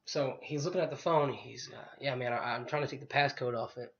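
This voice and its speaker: A man's voice: mid-range voice, a little fast, a bit bright. A man, animatedly telling a story in casual podcast chat, swearing freely and acting out the other people in it. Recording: dull lo-fi recording.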